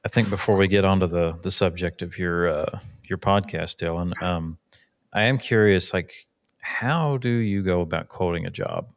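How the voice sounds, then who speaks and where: Male interviewer, deep smooth voice, curious relaxed questions. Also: normal speed. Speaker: podcast host.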